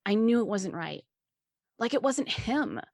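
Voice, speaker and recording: A woman voicing a frightened teenage boy who talks in a trembling, halting way with stammers. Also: fairly high pitch, sing-song, creaky, darkish tone, no echo, clean studio sound, voice pushed up, exaggerated voice. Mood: upset. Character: scared teenage boy, shaky and strung out.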